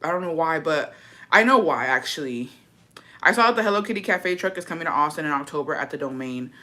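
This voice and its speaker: A vlogger talks casually to her audience in a low-pitched, animated voice that sounds pushed and bright, delivered briskly. She's dramatic and profane, and she drops Spanish phrases into her English.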